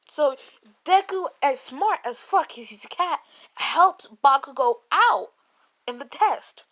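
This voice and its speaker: A woman's voice: high voice, animated, takes it slowly, pushed and bright. A woman casually retelling a made-up fan story, rambling and swearing, with many restarts. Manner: rambling and profane, full of restarts and "like".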